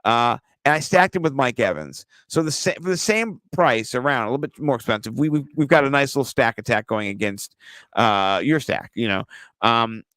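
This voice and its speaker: A man co-hosting a casual fantasy football show, joking and swearing through lively banter. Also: mid-range voice, moderate pace, no echo. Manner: joking, profane, animated banter. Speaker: podcast co-host.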